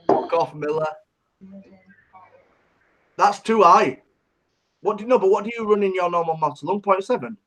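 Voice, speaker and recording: A man's voice: sits high, normal speed, pauses often, fairly bright tone. A man co-hosting a vaping podcast in casual, sweary banter, laughing often and greeting the live chat.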